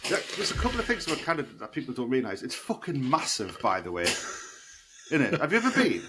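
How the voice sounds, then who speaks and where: A man's voice: mid-range voice, fast talker. A man co-hosting a podcast, telling a rambling story in casual chat and swearing freely. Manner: animated, swearing, laughing storyteller. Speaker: podcast co-host. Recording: noisy podcast recording.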